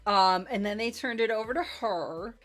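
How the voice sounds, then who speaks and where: A woman's voice: mid-range voice, moderate pace, a bit bright. A woman game master giving a chatty recap of a tabletop game session, full of "like" and "um", gushing over what happened. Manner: chatty, filler-heavy with frequent "like" and "um".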